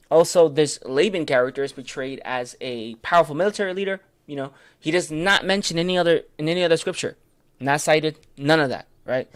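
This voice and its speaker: Hesitant man, slightly high voice. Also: dry recording, studio quality. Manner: hesitant, filler-heavy, stumbles over terms and corrects himself; answers viewers' comments in passing. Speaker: livestreamer leading a Bible study. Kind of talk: casual late-night study talk.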